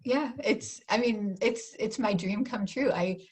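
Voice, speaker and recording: A woman in her forties from the United States, an author appearing as a guest, chats on a video call in a casual interview. Her voice is mid-range and husky, and she comes across as warm and enthusiastic, frequently restarting her sentences in quick bursts.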